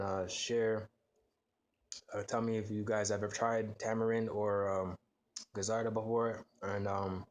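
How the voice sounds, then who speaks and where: A man casually taste-testing desserts for his vlog, reacting with lots of exclamations and fillers. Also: on the low side. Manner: relaxed, filler-heavy reactions with frequent exclamations. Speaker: food vlogger.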